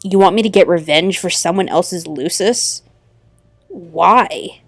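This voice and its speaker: A woman voicing a violent, greedy young female troll mercenary who talks slowly with a sneer. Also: fairly low pitch, dry recording, faint music behind, pitched below the performer's own voice. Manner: slow, sneering and menacing.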